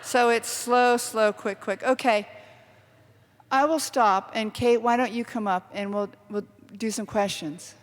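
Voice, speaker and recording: A middle-aged woman author giving an animated, self-deprecating storytelling talk to a university audience. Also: fairly high pitch, unhurried, big-room sound. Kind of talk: lively storytelling lecture. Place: university lecture hall.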